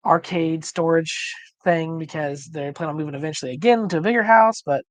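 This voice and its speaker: A man co-hosting a casual livestream chat, rambling with many fillers and restarts while slowly losing his voice. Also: fairly high pitch, dry recording. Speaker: livestream co-host.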